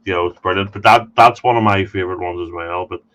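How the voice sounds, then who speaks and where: A man's voice: low-pitched, quick pace, a bit bright, poor audio. A man from the United Kingdom hosting a casual interview, stammering and repeating words as he tells stories. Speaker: podcast host.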